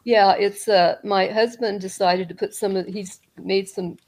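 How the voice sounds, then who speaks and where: Rambling middle-aged woman with a gravelly voice. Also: medium pitch, steady tone, measured pace. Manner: rambling, with restarts and soft laughs. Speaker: guest. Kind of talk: casual storytelling interview.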